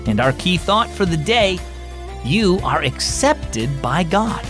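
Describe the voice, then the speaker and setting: A man's voice: sits high, big pitch swings, slow pace, music in the background. Cheerful man hosting a kids' show. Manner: cheerful, upbeat. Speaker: host. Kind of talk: scripted narration for kids.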